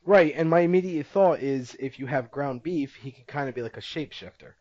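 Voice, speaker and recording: A man's voice: a little high, brisk, a little mellow, no room sound. A young man co-hosting a podcast in casual chat, teasing his friend and laughing often. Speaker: podcast co-host. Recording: dull lo-fi podcast audio.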